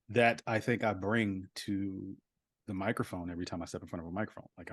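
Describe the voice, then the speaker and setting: Low-voiced man rambling casually, dry sound. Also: dry recording. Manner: rambling, heavy use of "like" and "you know". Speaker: voice actor guest. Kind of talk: casual podcast conversation.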